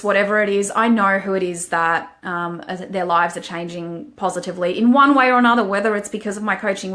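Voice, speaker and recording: A woman's voice: mid-range voice, a bit bright. A woman, a life coach, talking frankly and emotionally to viewers in a motivational live-stream monologue.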